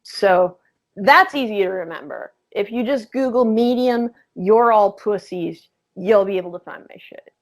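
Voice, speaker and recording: A woman's voice: mid-range voice, measured pace, low-quality recording. A woman, a writer and podcast guest, talking bluntly in casual chat and swearing freely.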